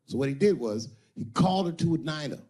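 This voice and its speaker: A man's voice: fairly high pitch, animated, fast talker, a little mellow. A man performing stand-up, telling a story in a profane, theatrical way. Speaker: stand-up comedian.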